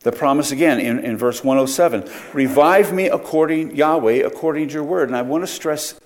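A man's voice: a little high, fairly quick. Man teaching a Bible study. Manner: explanatory, with frequent rhetorical questions and self-corrections.

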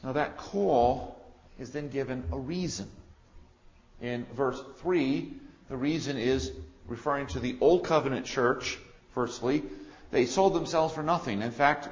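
A man preaching an expository sermon, swinging between loud declarations and quiet asides. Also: medium pitch, unhurried, dull audio.

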